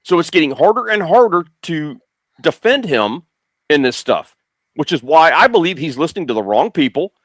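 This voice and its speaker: A man's voice: a little high, big pitch swings, moderate pace, a bit bright, no echo. A middle-aged man speaking as a guest on a political talk show, blunt and insistent, repeating his points. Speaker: guest commentator.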